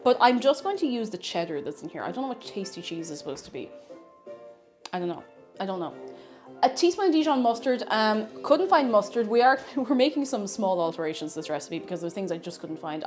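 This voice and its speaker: Irish woman, casual cooking streamer, self-mocking chatter, mid pitch with a bouncy lilt. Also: a little mellow. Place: home kitchen.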